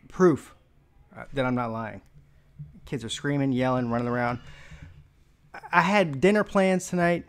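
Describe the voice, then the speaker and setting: A man hosting a casual sports live stream, out of breath, rambling and joking with many fillers. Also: medium pitch. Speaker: sports vlog host.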